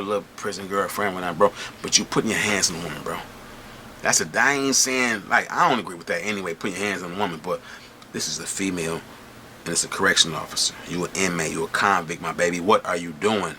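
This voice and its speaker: A middle-aged man from Michigan telling prison stories in an animated, slangy way, often checking in with his listeners. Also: low-pitched, fast, a little hiss or hum. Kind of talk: casual storytelling to camera.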